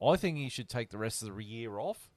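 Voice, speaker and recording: A blunt man leading a casual podcast chat, stumbling and restarting as he talks. His voice sits at an ordinary pitch. The recording is close and dry. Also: animated, fairly quick, dry recording. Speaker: podcast host reading news items.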